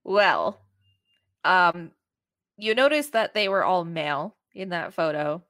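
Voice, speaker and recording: A woman's voice: fairly low pitch, animated, slow pace, a bit bright, dry recording, studio quality. Matter-of-fact woman quizzing her co-host. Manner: matter-of-fact, explains and prompts with questions. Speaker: podcast host. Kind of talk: casual chat, quizzing a co-host.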